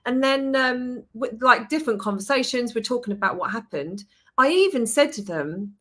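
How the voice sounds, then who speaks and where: A woman hosting a podcast, telling a story in a lively, chatty way, swearing and acting out what people said. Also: on the high side, moderate pace. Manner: animated storytelling, swears, acts out quotes. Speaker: podcast host. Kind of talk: casual chat.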